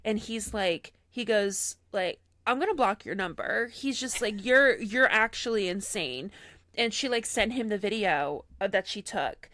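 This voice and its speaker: A woman's voice: medium pitch, measured pace, dry recording. Chatty woman podcaster, dry close sound. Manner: animated retelling, heavy use of "like", quoting others in her own voice. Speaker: podcast co-host. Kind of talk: casual storytelling chat.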